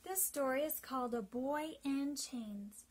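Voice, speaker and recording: A woman Sabbath School teacher reads a bedtime story to children. Her voice is high, and she tells the story slowly and gently, pressing hard on the dramatic moments. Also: slight background noise, rough recording.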